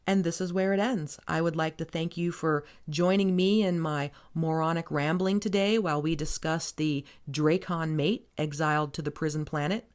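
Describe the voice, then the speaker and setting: A woman's voice: low voice, fairly even intonation, moderate pace, hardly any pauses. A woman hosting a podcast, recapping a book in a casual, sarcastic, rambling way with plenty of swearing. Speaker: podcast host.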